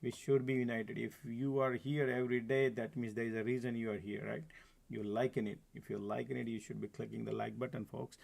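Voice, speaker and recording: Laughing frequently and addressing viewers as folks, a man hosts a live stock trading stream with running market commentary. His delivery is flat, mid-range, and a bit fast, a little mellow with vocal fry, and he occasionally leans back from the desk mic.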